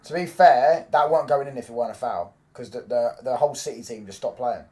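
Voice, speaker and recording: A young man, chatting casually on a football watchalong stream, swearing freely and breaking into loud reactions to the match. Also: medium pitch, fast. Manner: loose, swearing banter, reacts loudly to the match. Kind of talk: casual live-stream chat.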